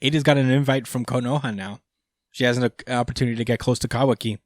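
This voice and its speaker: A man's voice: mid-range voice, steady tone, fast, dry recording, clean studio sound, lightly acted. A man voicing a calculating male scientist from a manga who argues in a lecturing way. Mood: scornful.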